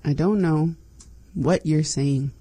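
Husky low-voiced woman, slow. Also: dry recording. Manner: calm, steady, repeats phrases. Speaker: lesson co-host. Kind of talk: guiding language lesson.

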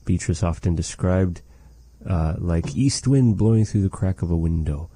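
A man teaching a language lesson, slowly and patiently repeating words for a learner. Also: low voice, warm tone, husky, no echo, rough recording.

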